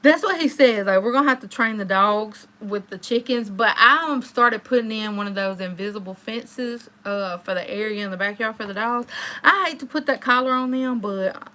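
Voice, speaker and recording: Bright, chatty woman on a livestream. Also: normal speed. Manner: chatty, storytelling, swings into high exclamations. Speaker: livestream host. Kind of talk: casual livestream chat with viewers.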